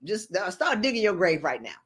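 A woman with a medium-pitched, brisk voice delivers a streamed live motivational talk. She is animated and preachy, cracking jokes and acting out little scenes of dialogue along the way.

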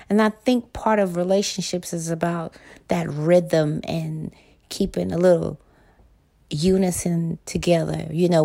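A woman with a gravelly, mellow voice speaks in a loose casual monologue. She is blunt and profane and swears without a second thought. When she retells an argument, she plays out both sides herself. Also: fairly low pitch.

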